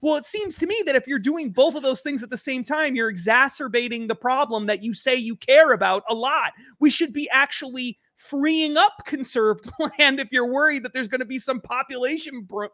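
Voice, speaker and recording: A man's voice: extremely high pitch, moderate pace, hardly any pauses, pushed and bright, no room sound, clean studio sound. A man co-hosting a casual political talk show, earnest and thinking aloud as he goes. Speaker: podcast co-host.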